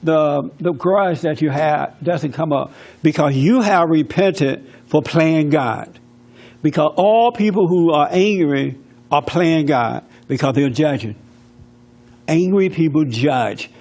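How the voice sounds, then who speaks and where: Guy preaching on a radio talk show, earnest, keeps asking "makes sense?", kinda high voice. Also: takes it slowly, darkish tone. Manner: earnest, preacherly, asks rhetorical questions. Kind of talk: faith-based advice talk.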